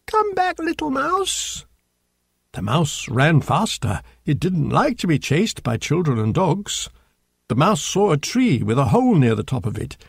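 Male storyteller, slow, husky and gravelly, very lively pitch, dry close sound. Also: dry recording. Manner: slow, expressive read-aloud with lively pitch. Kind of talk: storybook reading aloud.

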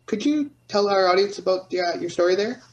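A man's voice: high-pitched, expressive, brisk. A man interviewing a guest, asking a question hesitantly with many fillers. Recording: muffled lo-fi audio.

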